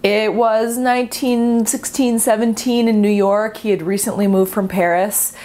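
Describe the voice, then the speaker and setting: A woman's voice: medium pitch, steady tone, normal speed, a little mellow. A young woman who is an artist, explaining art history in a chatty, playful, self-mocking way. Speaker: artist and video host.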